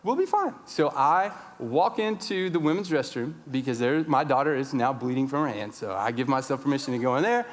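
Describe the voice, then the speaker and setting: Animated man preaching with church reverb. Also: medium pitch, brisk, hardly any pauses. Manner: animated, acts out his own shouting. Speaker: pastor. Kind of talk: sermon storytelling. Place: large church sanctuary.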